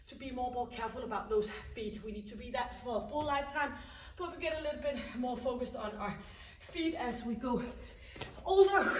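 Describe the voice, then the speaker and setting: Coaching a home workout, a woman with a high-set voice counts down reps and cheers the listener on. The fitness instructor's recording is noisy, made with a distant mic in an echoey room.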